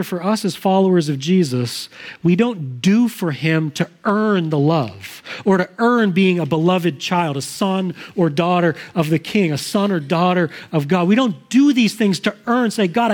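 A man's voice: sits high, expressive, a little slow, a little mellow. A middle-aged man, a pastor, delivering a sermon in an earnest, conversational way, with frequent restarts.

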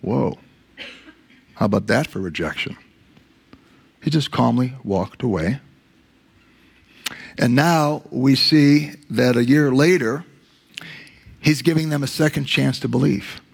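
Gravelly-voiced male preacher. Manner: storytelling, acts out quotes in a lowered voice; slows down to stress key words. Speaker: pastor. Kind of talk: sermon.

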